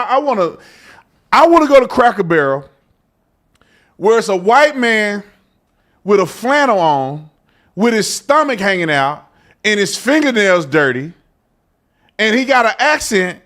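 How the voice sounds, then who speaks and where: A man hosting a live news commentary stream, joking and talking directly to his audience. His pitch swings widely as he riffs, and his voice sits a bit higher than most men's. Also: normal speed, long pauses. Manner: animated, joking, talks straight to viewers. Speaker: host of a live commentary show.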